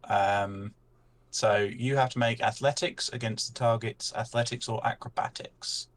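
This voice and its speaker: A man acting as game master, calmly calling turns and checking the rules aloud. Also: medium pitch, a little slow, a little hiss or hum. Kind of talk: running a tabletop game.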